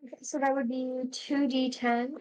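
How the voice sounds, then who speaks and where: A woman's voice: high voice, flat delivery, moderate pace, a little mellow, smooth, rough recording. A woman playing a tabletop game on stream, thinking aloud hesitantly and giggling. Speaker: player.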